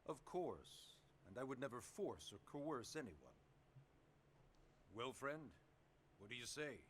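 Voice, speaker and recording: Playing a polite, persuasive official in a video game, an actor uses a mid-range voice that is very animated yet slow, with slight background noise. The character is a sly smooth-talker who coaxes people into agreement with quiet manipulation.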